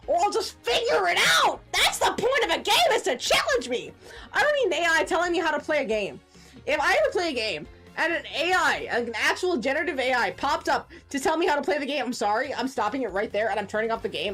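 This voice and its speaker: A woman in her forties streaming a game, chatting casually and ranting with profane, animated outbursts. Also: sits high. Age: 40s. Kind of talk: casual gaming stream chat.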